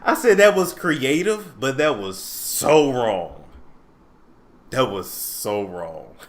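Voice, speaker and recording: A man hosting a casual reality TV commentary vlog, animated, laughing and gossipy. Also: medium pitch, takes it slowly. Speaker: commentary vlogger.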